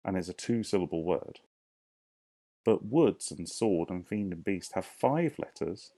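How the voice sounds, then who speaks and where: Low gravelly guy teaching little kids online, slow and encouraging, says words out clearly for them to repeat. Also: dark tone. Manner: invites children to say words along with him. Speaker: primary school teacher. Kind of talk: recorded online lesson for young children.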